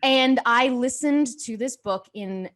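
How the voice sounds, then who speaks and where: A woman's voice: high-pitched, slow pace, fairly bright tone. A woman hosting a podcast, chatting in a bubbly, rambling way with lots of fillers. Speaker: podcast host. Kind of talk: casual podcast chat.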